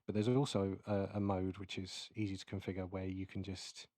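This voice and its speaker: A man giving a casual, explanatory keynote while demonstrating audio software, with many fillers. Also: low-pitched, little pitch movement, brisk, no room sound. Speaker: keynote presenter. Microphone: close mic into recording software.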